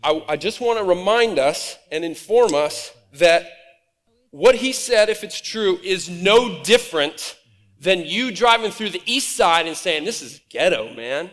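A man from Nebraska preaching a conversational, animated sermon from a church stage. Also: high voice, unhurried. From Nebraska, USA. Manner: conversational and animated, acts out quoted voices. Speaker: pastor. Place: church auditorium. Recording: reverberant hall.

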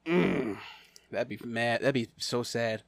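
A man's voice: medium pitch, takes it slowly, creaky, no echo. A man co-hosting a podcast in casual chat, stammering and laughing often. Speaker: podcast co-host.

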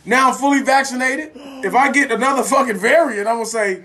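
A man's voice: extremely high pitch, fairly quick, pushed and bright. A man co-hosting a casual chat, telling stories animatedly with crude slang and frequent laughter.

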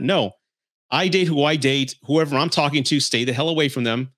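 A man's voice: on the high side, normal speed, a bit bright. A man hosting a podcast, telling frank personal stories in a blunt, profane, casual way. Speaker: podcast host.

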